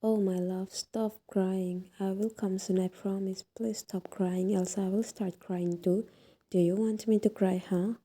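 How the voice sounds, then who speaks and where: A woman voicing a heartbroken young mother who gently and quietly comforts her crying daughter on the phone. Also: lowish voice, fairly even intonation, slow pace, few pauses. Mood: tender, soothing. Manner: soft, gentle, hushed.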